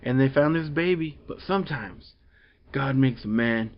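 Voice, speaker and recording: A man's voice: medium pitch, moderate pace, muffled recording. A man reviewing a comic book in casual chat, rambling through the plot with fillers and chuckles.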